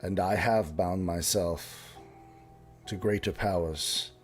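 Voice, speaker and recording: A man voicing a solemn noble figure who speaks slowly and formally. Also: deep voice, steady tone, soft background music, voice pushed down. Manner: slow, grave, formal speech. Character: solemn noble man bound to dark powers.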